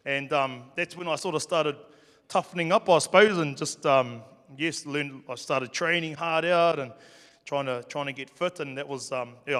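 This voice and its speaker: A man's voice: a little high, fairly bright tone. A man with a New Zealand accent telling stories about his childhood to a live audience, in a casual, joking way with plenty of swearing. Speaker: speaker. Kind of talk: storytelling talk to a live audience. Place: hall with an audience. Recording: long reverb of a hall.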